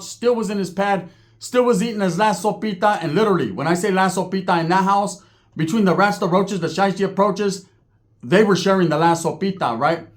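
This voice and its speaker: High-voiced streetwise storyteller. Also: male voice. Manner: streetwise, slangy, animated. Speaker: comedic storyteller, channel host. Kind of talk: profane comedic storytelling.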